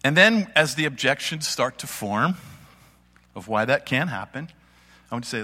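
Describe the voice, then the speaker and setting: A man's voice: mid-range voice, big pitch swings, normal speed, pushed and bright. Man, church speaker, informal sermon, folksy conversational storytelling, long hall echo. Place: church meeting space with audience.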